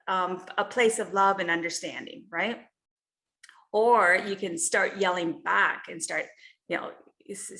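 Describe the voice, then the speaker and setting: A woman coach leads an online group session over a video call. Her voice sits at an ordinary middle pitch. She explains her points casually and keeps checking in with "you know" and "right?" as she goes. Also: a bit bright. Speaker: health and life coach.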